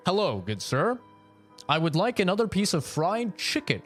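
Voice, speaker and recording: A man's voice: high-pitched, very animated, normal speed, faint music behind, pitched above the performer's own voice. A man doing a stiffly formal polite customer. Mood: overly polite. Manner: stiff, exaggeratedly formal and courteous diction. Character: overly polite, formal male customer making a complaint.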